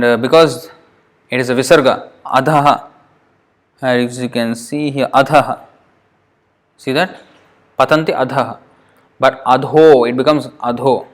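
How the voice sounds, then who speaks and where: Guy teaching verse pronunciation, patient, kinda halting, repeats words slow. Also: medium pitch, fairly bright tone. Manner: halting, with fillers and self-corrections. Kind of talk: classroom lesson.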